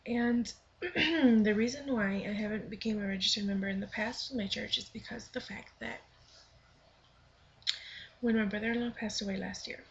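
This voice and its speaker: Woman, 20s, mid pitch; earnest vlogger reading her own blog to camera, soft near-whispers; muffled lo-fi camera sound. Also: moderate pace, long pauses, slight background noise. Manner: earnest, thoughtful, with soft half-whispered stretches. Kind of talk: reflective personal vlog, reading her own blog aloud.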